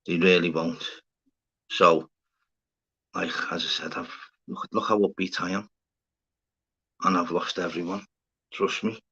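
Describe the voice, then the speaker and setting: A man's voice: low-pitched, fairly even intonation, a little slow, pauses often, sharp tone, slightly rough. A middle-aged Scouse man chatting casually on a livestream, swearing freely and calling his viewers mate and fella. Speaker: livestream host. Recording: slightly dull lo-fi sound.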